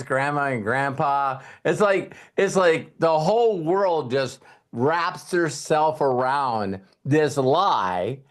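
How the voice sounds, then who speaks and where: A host leads a casual live talk through a webcam, rambling and animated with lots of fillers and laughter. His voice is fairly high-pitched.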